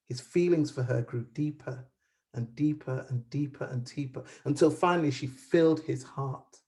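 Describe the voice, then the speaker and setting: A woman's voice: low-pitched, dark tone. A woman storyteller telling a folktale aloud in a rhythmic, dramatic way, with repetition. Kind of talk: oral storytelling.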